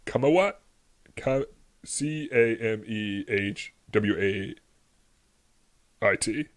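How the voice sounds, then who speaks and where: A man co-hosting a history podcast in a relaxed, chatty way. He rambles through the story with constant "like"s and quick bursts of laughter. His voice sits at an ordinary middle pitch. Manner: rambling, lots of "like", laughs often. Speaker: podcast co-host. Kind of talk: casual history chat.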